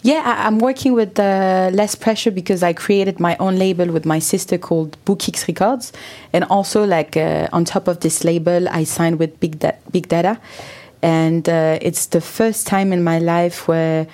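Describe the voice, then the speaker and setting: A woman musician talking casually in an interview in English, a second language for her, often pausing to search for words. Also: fairly low pitch, fairly even intonation, darkish tone. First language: not English. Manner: searching for words, frequent fillers. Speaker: musician guest.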